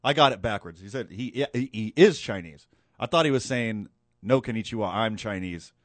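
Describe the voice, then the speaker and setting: A man hosts a podcast in loose, casual chat, joking his way through asides. His pitch swings widely as he talks. The sound is dry and close, with no room around it. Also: moderate pace, no room sound. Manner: animated, joking, trails into asides. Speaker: podcast host.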